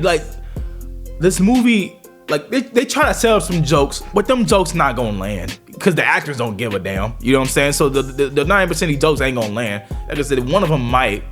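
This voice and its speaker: A man giving a casual movie review vlog, talking in slang and repeating fillers as he rants. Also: on the high side.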